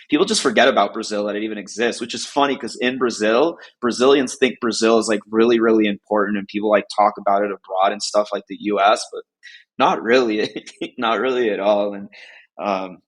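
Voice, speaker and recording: A man's voice: lowish voice, steady tone, a little fast, slightly rough. A man from the United States chatting casually as a podcast guest, rambling with lots of fillers and frequent laughs.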